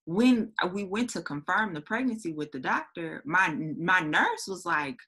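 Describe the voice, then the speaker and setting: A woman in her thirties with a low, forceful voice. She talks in an easy, chatty way, full of fillers and little acted-out quotes of her own thoughts. She sounds relaxed and conversational, like she is talking with a friend. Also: unhurried, breathy edge. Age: 30s. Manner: chatty, many fillers and quoted self-talk. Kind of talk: casual chat.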